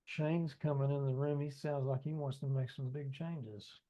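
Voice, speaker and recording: A man's voice: medium pitch, steady tone, normal speed, mellow. Man reading his own book, chatty. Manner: conversational, talks straight to listeners. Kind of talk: audiobook narration with ad-libbed asides.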